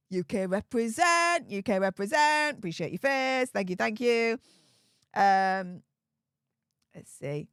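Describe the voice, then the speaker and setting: A woman's voice: mid-range voice, animated, normal speed, clear, resonant tone, no room sound, studio quality. A woman with a Yorkshire accent hosting a casual livestream, reading viewer messages with chatty, laughing, sarcastic asides. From Yorkshire, England.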